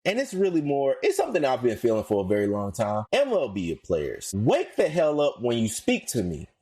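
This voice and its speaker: A man co-hosting a podcast, ranting in slangy casual talk, his voice climbing high when worked up. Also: wildly swooping pitch, moderate pace, a little mellow, slightly rough. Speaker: podcast co-host.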